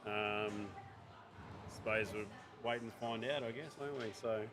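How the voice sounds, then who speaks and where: A man's voice: on the low side, fairly even intonation, a little slow, a crowd in the background. A man commentating a pinball competition in a casual, hesitant way with many ums. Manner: chatty, hesitant with frequent ums. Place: pinball club. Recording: music playing loudly behind.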